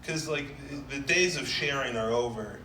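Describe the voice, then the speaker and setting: A man doing a stand-up set in a club, telling crude jokes in a deadpan way. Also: mid-range voice, moderate pace, a little hiss or hum. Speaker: stand-up comedian. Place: comedy club. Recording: echoey club from a distance.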